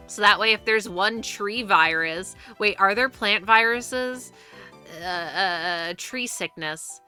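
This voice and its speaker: A woman's voice: on the low side, pushed and bright, smooth. A young woman streaming live, chatting casually and rambling with frequent restarts and free swearing.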